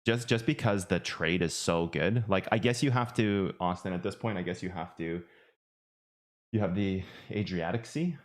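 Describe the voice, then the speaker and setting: A man's voice: deep voice, moderate pace. A man with an Irish accent giving chatty, rambling live commentary on trading charts, joking at himself as he goes. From Ireland. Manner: chatty, rambling, self-mocking. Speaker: trading streamer.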